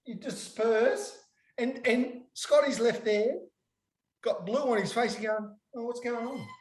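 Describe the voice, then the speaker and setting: A man telling a lively anecdote in casual chat, laughing as he goes and acting out what people said. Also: high-pitched, echoey room. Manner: animated storyteller, laughing, acting out quotes. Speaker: guest. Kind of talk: casual storytelling.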